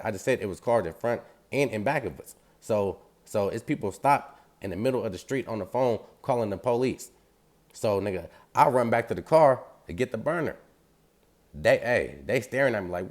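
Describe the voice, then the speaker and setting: A man telling a story in casual street slang, animated and acting out the sounds. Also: on the low side.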